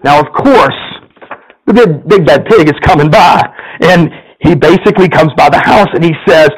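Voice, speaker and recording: A campus minister preaching a sermon, telling a story with frequent chuckles and animated delivery. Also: male voice, a little high, normal speed, breathy edge, poor audio.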